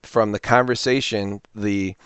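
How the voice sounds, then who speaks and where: Man, low pitch, dry close sound, rambling casual storyteller hosting a reseller vlog. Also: a little slow, smooth, dry recording. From Illinois, US. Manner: rambling, animated storytelling with quoted voices. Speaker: reseller channel host. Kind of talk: casual talking-to-camera vlog.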